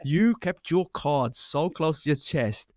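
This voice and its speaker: A man's voice: a little high, expressive, slow, a little mellow, no room sound, studio quality. A British man hosting a podcast, chatting with enthusiasm, laughing often and acting out quotes. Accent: British English. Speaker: podcast host. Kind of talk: casual interview chat.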